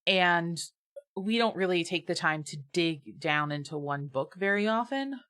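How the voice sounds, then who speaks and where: A woman co-hosting a podcast in casual chat, blunt and profane, often swinging into animated rants. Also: fairly low pitch, unhurried. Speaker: podcast co-host.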